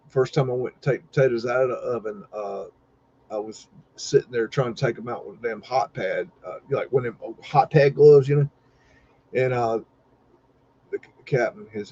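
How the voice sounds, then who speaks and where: A man's voice: medium pitch, mellow, slightly rough. Guy rambling about old jobs, folksy, cusses a lot, kinda muffled lo-fi sound. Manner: folksy, swears casually, lots of fillers. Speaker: podcast host. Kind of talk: casual rambling storytelling.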